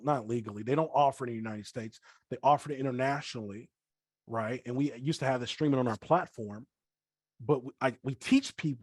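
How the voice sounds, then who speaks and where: Trainer: middle-aged man, slightly high voice, dry close sound, repeats key points, talks to the chat. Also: darkish tone, no echo. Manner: repeats himself on purpose, addresses chat directly. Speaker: forex trading trainer. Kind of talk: live online training call.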